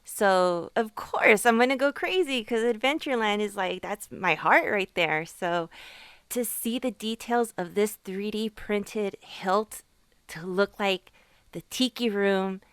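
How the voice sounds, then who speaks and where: Female co-host, enthusiastic and gushing, smooth voice, dry close mic. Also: medium pitch, unhurried, dry recording. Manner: excited, gushing. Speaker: podcast co-host. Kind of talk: casual chat.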